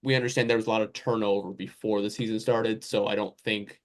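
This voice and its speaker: A man's voice: on the low side, level tone, quick pace. A man hosting a casual sports podcast, talking in a loose, rambling way that drifts through lists and asides. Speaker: podcast host.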